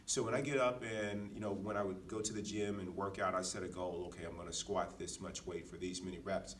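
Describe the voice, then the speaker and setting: A man's voice: sits low, steady tone, a little fast, a bit bright, distant mic, a little hiss or hum. A man co-hosting a podcast, telling personal anecdotes in an earnest, reflective way with frequent restarts. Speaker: podcast co-host. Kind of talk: casual reflective chat.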